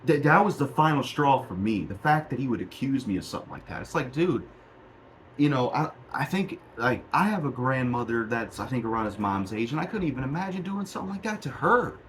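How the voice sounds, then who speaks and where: Man, angry profane rant, young adult, mid pitch, home recording, faint background noise. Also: big pitch swings, brisk, a bit bright, poor audio. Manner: profane, heated, repetitive ranting. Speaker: YouTuber. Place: small home room. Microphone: cheap home mic.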